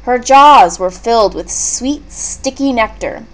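A woman reading a leveled children's book aloud, clear and expressive. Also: fairly high pitch, slow pace. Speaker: storybook reader.

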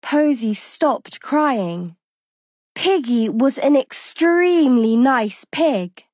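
A woman reading a children's bedtime story aloud in a slow, expressive, sing-song way. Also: high-pitched, dry recording, clean studio sound. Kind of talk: scripted bedtime story narration.

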